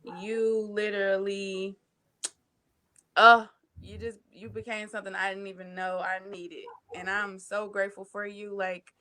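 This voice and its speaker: A woman on a live stream, tearful and laughing as she gives effusive shout-outs while reading comments. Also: mid-range voice, flat delivery, measured pace, no echo. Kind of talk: emotional casual chat, reading comments.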